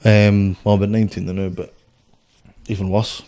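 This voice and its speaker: A man's voice: on the low side, little pitch movement, normal speed, mellow. A young Scottish man, a boxer, telling stories in a blunt, sweary, rambling way on a casual podcast. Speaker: guest, boxer.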